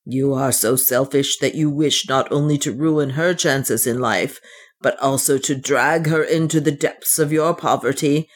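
A reader voicing a pompous, condescending older clergyman who speaks slowly and sanctimoniously in an audiobook. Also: medium pitch, steady tone, lightly acted. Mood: indignant. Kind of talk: audiobook reading.

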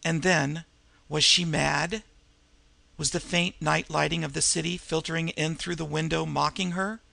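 Gravelly male audiobook narrator. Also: a little high, steady tone, moderate pace, pushed and bright, no room sound. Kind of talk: audiobook narration of a crime novel.

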